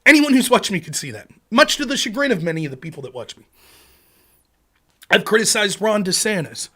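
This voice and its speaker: Animated, ranting political host, a man. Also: high voice, fairly quick, breathy edge. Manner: angry, sarcastic and profane.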